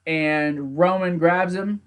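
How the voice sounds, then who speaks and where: A young man talks through a wrestling match in a loose, casual recap, his voice set a little high for a man. He gets animated and laughs easily, now and then slipping into quick acted-out lines from the wrestlers. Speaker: wrestling show reviewer.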